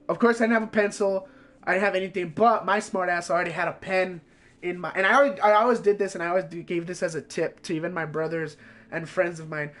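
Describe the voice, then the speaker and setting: Guy with a pretty high voice, cursing a lot, telling a wild story casually at home. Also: steady tone, quick pace, fairly bright tone. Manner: profane, heated storytelling. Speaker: streamer.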